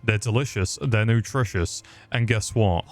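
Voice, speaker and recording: A man's voice: fairly low pitch, normal speed. A man giving crude, rambling comedic commentary while playing a video game. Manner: crude joking banter, rambling. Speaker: gaming commentator. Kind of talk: comedic let's-play commentary.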